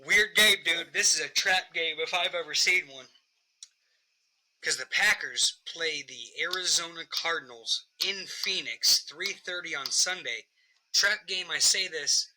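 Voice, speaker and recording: Male podcast host, very bright voice, loose and profane sports banter. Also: mid-range voice, poor audio. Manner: profane, animated football picks.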